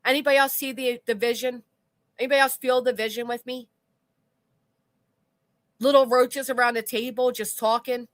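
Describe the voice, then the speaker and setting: A woman's voice: on the high side, steady tone, normal speed, long pauses, no echo. A woman hosting a livestream, reading chat comments aloud with blunt, sarcastic commentary and casual swearing. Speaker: commentary channel host.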